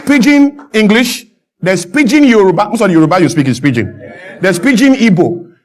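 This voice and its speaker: A man with a fairly high voice holds forth as a talk-show guest. He argues with emphatic, animated energy and pushes his points to loud peaks. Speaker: guest speaker. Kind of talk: impassioned talk-show discussion.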